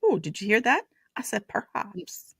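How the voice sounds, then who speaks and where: A woman hosting a casual chat, talking playfully with a slow, drawn-out delivery. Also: medium pitch, very animated, creaky, a bit bright, breathy edge, dry recording, clean studio sound. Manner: chatty, playful, drawn-out speech. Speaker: host.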